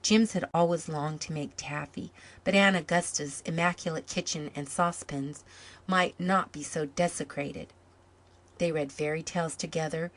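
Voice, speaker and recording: Calm woman reading a story. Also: sits low. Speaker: story reader. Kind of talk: scripted storybook narration.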